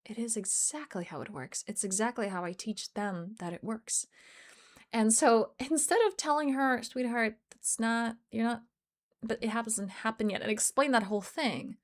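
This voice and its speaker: A woman's voice: on the high side, moderate pace. Earnest woman life coach. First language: not English. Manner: earnest, storytelling with quoted dialogue. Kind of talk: motivational talk to camera.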